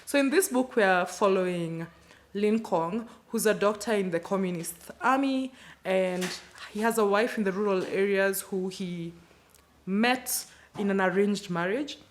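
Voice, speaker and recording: A woman's voice: medium pitch, measured pace, slight background noise. A woman with a Kenyan accent, chatting casually about the books she read this month, with playful slangy asides. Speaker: book channel host. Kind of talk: casual book wrap-up video.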